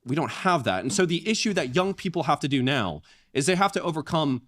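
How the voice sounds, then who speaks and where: An earnest man lays out social commentary in a measured, explaining tone. His voice sits a little high for a man. The recording sounds dry and close, with no room around it. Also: expressive, a bit bright, dry recording.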